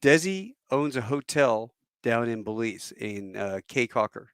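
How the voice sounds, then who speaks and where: A medium-pitched, smooth voice at a measured pace belongs to a podcast host in his fifties, once a Marine pilot, who rambles through casual stories and animatedly plays the people he quotes. The recording is dry and of studio quality.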